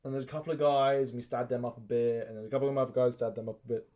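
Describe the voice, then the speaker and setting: A man's voice: medium pitch, steady tone, very fast, mellow. A man, co-hosting a podcast and telling stories animatedly, swearing and acting out quotes. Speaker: podcast co-host. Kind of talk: casual chat, storytelling.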